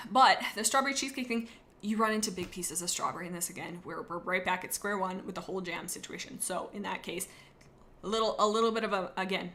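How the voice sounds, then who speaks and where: A woman's voice: medium pitch, sharp tone. A woman streamer chatting casually to her live viewers, rambling and joking as she goes.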